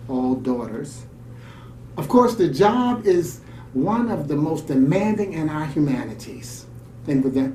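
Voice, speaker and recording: A man's voice: medium pitch, a little hiss or hum. A man co-hosting a show, reading a story aloud and adding his own reflective asides. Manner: warm, reflective delivery with off-the-cuff comments. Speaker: radio show co-host. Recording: roomy, distant mic, faint ambience.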